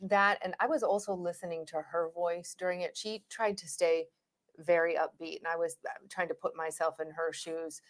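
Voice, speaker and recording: A woman with a low voice co-hosts a true crime chat stream. She speaks in a level, even tone and calmly reads transcript excerpts aloud. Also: moderate pace. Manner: calm, with short agreeing replies.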